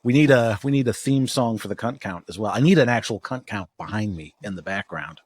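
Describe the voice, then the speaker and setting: A man's voice: on the low side, a little fast, slightly rough. A man co-hosting a podcast, recapping a TV episode in casual, rambling chat with jokes and swearing. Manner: rambling, jokey, swears and laughs often. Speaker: podcast co-host.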